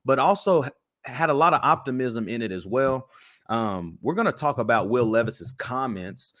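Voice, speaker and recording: A man's voice: mid-range voice, lively intonation, normal speed, a bit bright, no room sound, clean studio sound. A man co-hosting a sports podcast in a hyped, slangy, casual way. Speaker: podcast co-host.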